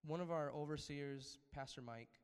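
Preaching at normal speed in a fairly high, clean voice, a male pastor keeps asking the congregation for an amen. His sermon swells to emphatic high points and then settles back down, with the long reverb of a large hall around him.

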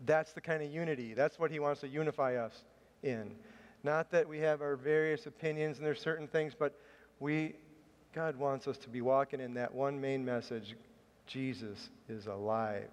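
A man of medium pitch preaches a sermon, telling a chatty, self-mocking personal story before turning to scripture. His voice carries a long reverb, as if heard in a church hall. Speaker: pastor.

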